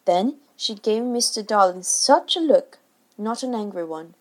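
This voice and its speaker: Expressive woman reading a storybook. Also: mid-range voice, unhurried. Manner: expressive, varied delivery. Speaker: reader. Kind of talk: storybook narration.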